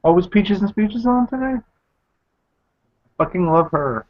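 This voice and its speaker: A man's voice: high voice, expressive, a little slow. A man in a casual group video chat, easygoing and joking in slang. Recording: lo-fi online call audio.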